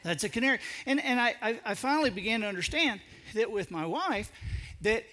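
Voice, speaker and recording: An animated man speaks to an audience in a high, bright, lively voice, telling a comic story at his own expense. His pitch leaps around and his speech is colloquial. He often stammers and restarts mid-sentence. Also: a little fast. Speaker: public speaker. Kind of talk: humorous storytelling talk to an audience.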